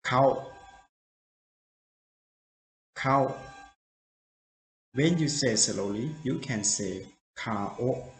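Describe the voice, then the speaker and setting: A man teaching vocabulary in a slow drill, repeating each word carefully in simple, broken phrasing. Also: medium pitch, animated, slight background noise. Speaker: language teacher. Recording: roomy echo.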